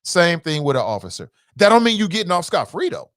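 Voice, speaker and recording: A middle-aged man hosting a talk show, reading viewer comments and answering them in an animated, emphatic way. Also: high-pitched, dry recording, clean studio sound. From United States. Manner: animated, emphatic, drawn-out repetitions. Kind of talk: casual live-stream talk.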